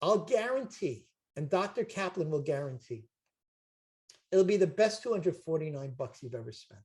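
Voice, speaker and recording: An older man, making an emphatic, repetitive, jokey sales pitch on a video call as a chiropractic seminar promoter. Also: lively intonation, normal speed, darkish tone. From Brooklyn, New York.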